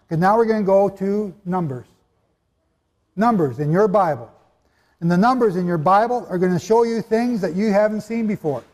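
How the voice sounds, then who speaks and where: A man whose voice sits high and sounds a little mellow teaches the Bible in a hall before a live audience. Long reverb colors the recording of his emphatic, sermon-like lecture, which is peppered with rhetorical questions and jokes.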